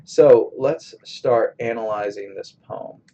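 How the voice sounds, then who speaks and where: A man teaching a college English class in a recorded screencast lecture, explaining step by step in a slow, methodical way. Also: mid-range voice, warm tone, highs cut off, a little hiss or hum.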